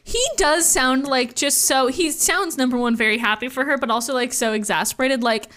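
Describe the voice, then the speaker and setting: A woman's voice: sits high, normal speed, few pauses, fairly bright tone. A young woman co-hosting a podcast, reacting with dry, amused asides in casual chat. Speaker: podcast co-host.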